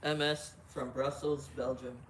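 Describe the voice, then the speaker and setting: A man reading listener questions aloud in a flat, plain way. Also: mid-range voice, a little slow. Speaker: reader of submitted questions. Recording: roomy, distant, faint noise.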